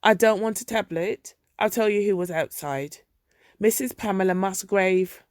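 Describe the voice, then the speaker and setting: A woman reading a dramatic monologue as a resentful middle-aged son, narrating in a wry, deadpan way. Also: mid-range voice, moderate pace, dry recording, studio quality, lightly acted.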